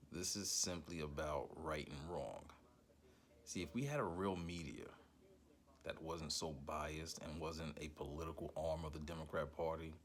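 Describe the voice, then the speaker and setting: Deep-voiced man, heated commentary host, swears, stutters when he gets mad. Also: slight background noise. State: angry. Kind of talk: angry political commentary.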